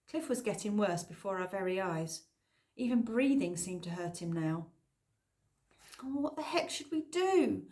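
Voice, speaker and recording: Expressive woman reading an audiobook. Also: mid-range voice. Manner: expressive, lively storytelling. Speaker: audiobook narrator. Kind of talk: scripted narration.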